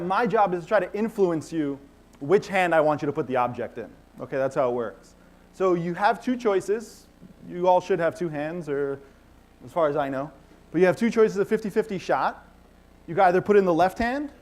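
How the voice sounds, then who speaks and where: A man with a fairly high voice leads a live stage act as a mentalist, talking to a hall of a few thousand people. He is upbeat and commanding, and he teases the crowd while he gives instructions. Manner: energetic, commanding, playful crowd work. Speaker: mentalist performer. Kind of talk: live stage show with audience participation. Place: large conference hall with audience.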